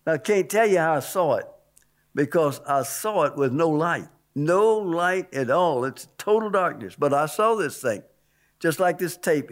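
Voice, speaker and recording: A man's voice: on the high side, fairly bright tone. A man giving a spoken religious testimony, emphatic, repeating key words and pushing his voice up on stressed points. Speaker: testimony speaker.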